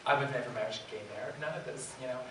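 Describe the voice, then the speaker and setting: A man in his fifties with a Bronx accent, a drag performer telling comic stories on a convention panel, animated and laughing often. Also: medium pitch, very fast. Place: large convention hall. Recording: echoey hall from far off, background noise.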